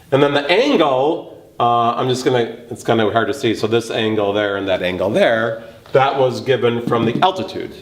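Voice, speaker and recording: Slow-talking man teaching geometry. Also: lowish voice. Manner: thinking aloud, emphatic on key words. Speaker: math teacher. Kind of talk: geometry lesson walkthrough. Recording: echoey room, faint noise.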